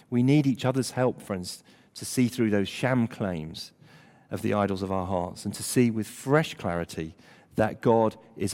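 An older man preaching a sermon, emphatic, at times dropping almost to a hush. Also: on the low side. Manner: animated, emphatic preaching with dramatic drops to near-whisper. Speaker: pastor. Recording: long hall reverb.

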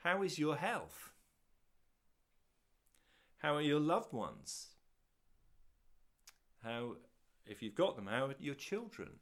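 A man preaching a sermon to an audience watching on video, asking rhetorical questions, swelling to loud peaks and dropping to hushed, slow lines. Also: on the high side, sing-song.

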